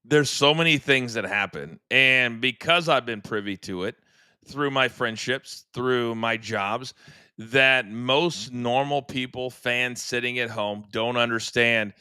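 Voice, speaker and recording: A man's voice: mid-range voice, slow, smooth, no echo, studio quality. A middle-aged man hosting a sports podcast, telling stories animatedly and acting out quotes. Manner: animated storyteller, acts out quotes. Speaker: podcast host. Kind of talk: casual sports chat.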